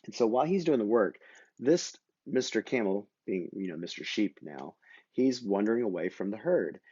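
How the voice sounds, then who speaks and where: A man teaching a children's Bible lesson, talking gently and playfully to the kids and acting the story out with toys. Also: on the low side, lively intonation, normal speed, slightly rough, muffled recording. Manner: puts on simple voices for toy figures. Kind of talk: kids' Bible lesson with toy puppets.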